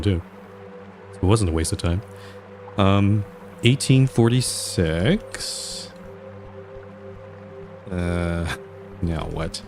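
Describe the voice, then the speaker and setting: A man's voice: low voice, darkish tone. A man streaming a game, chatting casually and wryly, often trailing off mid-thought. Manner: chatty, wry, laughs and trails off. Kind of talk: casual live commentary while playing.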